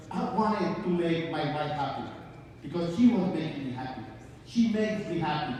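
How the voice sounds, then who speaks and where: High-voiced man telling a story in a hall. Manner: animated, comic, shifts into loud acted quotes. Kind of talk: personal story told live. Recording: echoey hall from far off.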